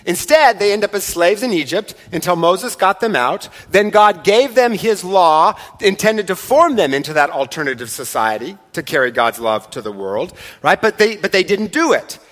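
In a church sanctuary, a middle-aged pastor preaches a sermon, his voice carrying a long hall reverb. His voice is high-pitched and a bit bright, animated at a moderate pace with hardly any pauses, in a slightly raised register. His manner is easy and conversational, and he teases the congregation between points.

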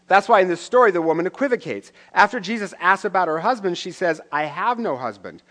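A man's voice: high-pitched, expressive, a little fast, a bit bright. A middle-aged man preaching a sermon in a conversational way, with wry asides and questions to the listeners. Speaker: pastor.

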